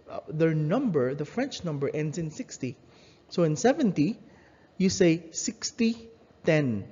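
Slow-paced man teaching a lesson. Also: a little high, a little mellow. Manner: patient, repeats each word. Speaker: language teacher. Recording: dull reverberant room audio.

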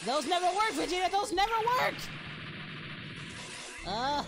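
A performer voicing Goku, an excitable young male martial-arts hero, cheering and shouting through in-character reaction commentary. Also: medium pitch, normal speed, close to an everyday voice. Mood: hyped. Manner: hyped, shouting, cheering at the screen. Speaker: reaction channel host. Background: music.

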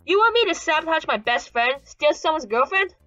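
A woman's voice: high voice, lively intonation, fairly quick, pushed and bright, no room sound, distant mic, dull audio, faint music behind, pitched above the performer's own voice. A woman reading the lines of an anxious young female singer, speaking hesitantly and stumbling over words. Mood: upset.

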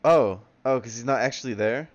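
A man's voice: medium pitch, brisk, highs cut off, heavy background noise. A young man reading a comic with friends, making chatty, laughing comments. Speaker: co-reader. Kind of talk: casual reading aloud with friends.

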